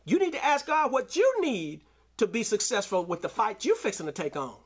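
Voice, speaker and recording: Male preacher, high voice, AAVE, sermon delivery with call-outs. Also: sing-song, a little fast, slightly rough. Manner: preaching with call-outs and scripture reading, rising to shouts. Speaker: pastor.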